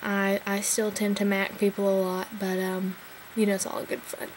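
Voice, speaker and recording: A woman in her twenties telling a funny personal story in a chatty, animated way with big swings in pitch. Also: normal speed, a little hiss or hum, poor audio. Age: 20s.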